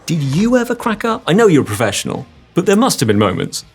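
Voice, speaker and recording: A man's voice: on the high side, wildly swooping pitch, fast talker, gravelly, over music. A British man interviewing a guest as a film critic, playful and jokey, with questions that ramble. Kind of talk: casual interview.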